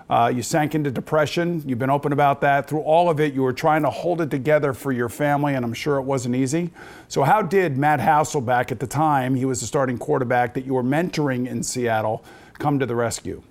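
A middle-aged man hosting a podcast, asking questions in a measured, sympathetic way. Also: mid-range voice. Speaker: podcast host. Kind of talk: interview questions.

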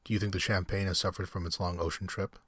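A man voicing a suave middle-aged aristocratic general who hunts, speaking slowly and courteously. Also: low-pitched, little pitch movement, a bit bright, slightly rough, no echo. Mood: courteous menace. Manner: slow, courteous, menacing.

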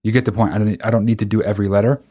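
A man with a somewhat low voice hosts his own podcast, talking alone in a loose, casual monologue. He rants emphatically and swears freely. He often stumbles and restarts mid-sentence. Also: racing. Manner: animated, profane ranting with frequent restarts. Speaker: podcast host.

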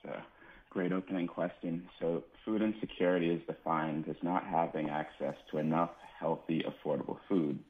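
A man who directs a community food program, calmly explaining definitions as an interview guest. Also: low voice, normal speed. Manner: explanatory, methodical. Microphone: phone. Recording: tinny phone line.

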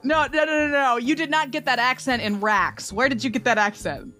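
A woman playing in a tabletop game, excitable and quick to laugh, swearing casually. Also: high-pitched, faint music behind. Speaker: player.

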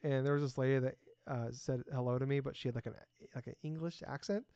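A man co-hosting a casual podcast, self-deprecating and halting with many fillers. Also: mid-range voice, fairly even intonation, mellow, no room sound, lo-fi sound. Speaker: podcast co-host.

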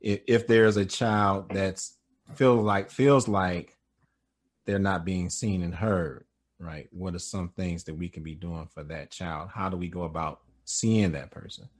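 Deep-voiced male podcast host. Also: steady tone, unhurried. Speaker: podcast host and high school educator. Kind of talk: interview questions.

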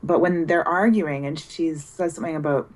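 A woman's voice: low-pitched, moderate pace, a little mellow. A woman co-hosting a casual movie podcast, dry and matter-of-fact. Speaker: podcast co-host.

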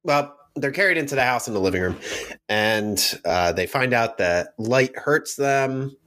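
Co-host, man, mid pitch, lively, rambling recap with self-corrections. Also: unhurried. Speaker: podcast co-host. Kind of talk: casual plot recap.

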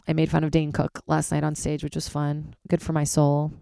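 A woman stand-up comedian hosting her own podcast, rambling casually, swearing freely and jumping wildly in pitch. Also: moderate pace, vocal fry, few pauses, no echo, clean studio sound. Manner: animated, swears freely, big jumps in pitch.

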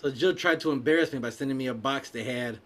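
A man's voice: mid-range voice, quick pace, slight background noise. A man in casual chat, telling a story with lots of swearing and acted-out quotes. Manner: profane, animated storyteller acting out quotes. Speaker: podcast co-host telling a story.

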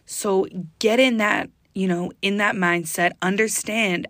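Energetic woman hosting a positivity podcast. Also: measured pace, no room sound, studio quality. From US East Coast. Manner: energetic, chatty, bursts into high exclamations. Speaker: podcast host. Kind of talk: upbeat motivational podcast monologue.

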